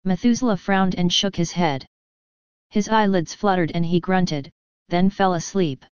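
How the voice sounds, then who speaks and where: A woman's voice: on the low side, steady tone, unhurried, darkish tone, smooth, no room sound, muffled recording. A woman reading a storybook aloud in scripted narration, lightly voicing the characters. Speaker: audiobook narrator.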